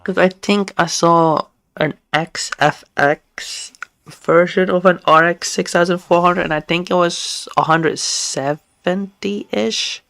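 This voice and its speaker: A game streamer chatting casually while playing live, talking in a halting, stammering way with many restarts. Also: medium pitch, steady tone, gravelly, fairly bright tone, no room sound.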